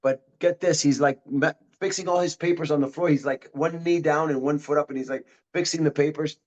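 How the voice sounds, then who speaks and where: A man who teaches martial arts, telling a story as an interview guest in an animated way, repeating and restarting his phrases. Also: a little high, brisk.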